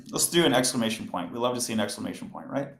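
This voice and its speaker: A man of middle pitch walks viewers through code on a live stream, chatty and step by step, often turning to his chat. His voice carries a noticeable room echo. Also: big pitch swings, brisk, vocal fry. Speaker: coding livestream host. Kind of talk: casual live coding tutorial. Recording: roomy echo.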